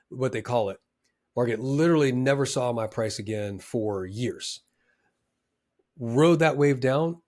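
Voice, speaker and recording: A man, a former trader, giving advice in a casual, animated way, with emphatic bursts and frequent fillers. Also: mid-range voice. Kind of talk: casual motivational talk.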